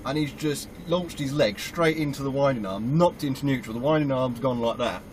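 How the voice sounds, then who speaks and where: A British man, a truck driver, telling a story about his work in a casual, animated way and acting out his own reactions. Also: medium pitch, a little fast, slight background noise, low-quality recording. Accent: British English. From United Kingdom.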